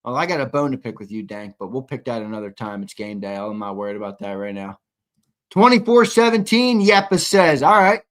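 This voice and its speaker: A man's voice: mid-range voice, very animated, fairly quick. A man hosting a live sports talk show, chatting casually and reading viewer comments aloud.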